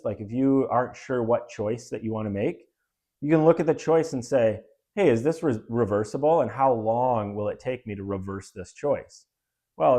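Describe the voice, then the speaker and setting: A man's voice: medium pitch, a little mellow. A man co-hosting a casual wellness talk show, explaining ideas through analogies in a conversational way, often restarting his sentences. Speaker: podcast co-host.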